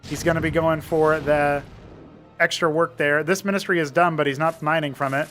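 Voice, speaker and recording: A male caster with a fairly high voice calls a strategy-game match in chatty play-by-play. He wanders into trivia tangents and then snaps back to the action, with faint music under him. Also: steady tone, moderate pace, fairly bright tone. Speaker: esports caster and show host. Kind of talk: live game commentary.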